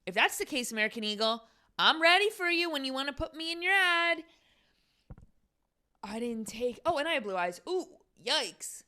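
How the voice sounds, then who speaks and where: A woman's voice: high voice, lively intonation, a little fast, pauses often, sharp tone. A young adult woman hosting her own podcast, talking in a casual, exasperated rant full of fillers and sarcasm. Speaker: podcast host.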